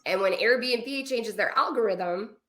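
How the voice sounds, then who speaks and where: A woman on a podcast interview explains her travel business in a rush of asides and quick pivots. Her voice sits in a noticeably roomy, echoing space. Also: fairly high pitch. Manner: fast, animated explaining with asides. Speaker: guest, travel business owner. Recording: roomy echo.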